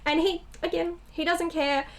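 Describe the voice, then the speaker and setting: A young woman co-hosting a casual movie review chat, animated and blunt, acting out characters' lines as she talks. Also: very high voice, moderate pace. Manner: animated, acts out characters' lines, swears freely. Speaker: co-host.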